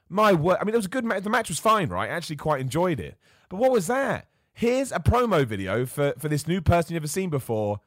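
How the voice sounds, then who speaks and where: A man's voice: medium pitch, no room sound. A man hosting a casual wrestling recap show, chatty and opinionated, talking close to the mic. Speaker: wrestling commentator host.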